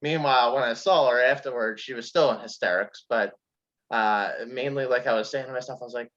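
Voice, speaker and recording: A man's voice: mid-range voice, fairly quick, fairly bright tone. A man guesting on a podcast, telling a story in casual chat and acting out quotes with lots of fillers. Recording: dull lo-fi sound.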